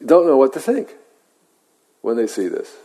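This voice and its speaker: A man, a meditation teacher, telling a story in a measured, reflective way with halting pauses, in a meditation hall. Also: mid-range voice, big pitch swings, warm tone. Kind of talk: dharma talk storytelling. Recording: long hall reverb.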